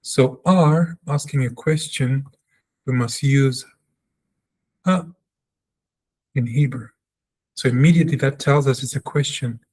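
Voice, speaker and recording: A man's voice: medium pitch, a little slow, pauses often, a little mellow, husky. A man teaching a language lesson, reading example sentences aloud and explaining them step by step, repeating sounds for practice. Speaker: Hebrew teacher.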